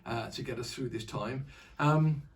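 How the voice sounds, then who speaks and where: A man's voice: mid-range voice, a little slow. A man presenting a casual online church devotional, chatty and rambling with fillers and restarts. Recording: distant mic.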